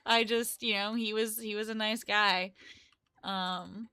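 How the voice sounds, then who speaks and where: Bright-voiced chatty young woman streamer. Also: mid-range voice, level tone, slow pace, smooth, no echo. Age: 20s. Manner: rambling, chatty, self-correcting. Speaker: live streamer and game developer. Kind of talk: casual live-stream chat.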